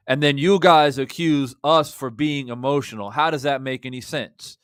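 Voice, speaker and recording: A man delivers fan reaction commentary in a mid-pitched, smooth and resonant voice. He argues in an impassioned, rhetorical way, rising loud and then dropping low. The sound is dry and close, with no room around it. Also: normal speed, few pauses, no echo. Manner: impassioned, rhetorical, swings between loud and quiet. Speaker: boxing channel host.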